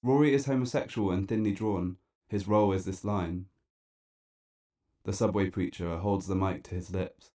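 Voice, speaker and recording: A man narrating a dark, absurd spoken-word story in a deadpan, wry and theatrical way. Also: low-pitched, moderate pace.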